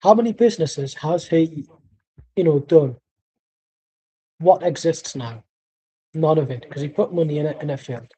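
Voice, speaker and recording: Sweary, ranting man with a mellow voice. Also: a little high, normal speed, pauses often, breathy edge, poor audio. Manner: angry, sweary, sarcastic. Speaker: football watchalong streamer. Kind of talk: live match commentary and rant.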